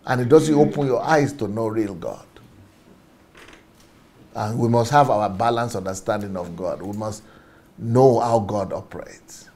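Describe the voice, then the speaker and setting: Husky man, passionate talk on faith, emphatic repeats, frequent chuckles. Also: lowish voice, unhurried, pauses often, warm tone. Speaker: speaker on faith and systems. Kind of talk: passionate preaching-style talk.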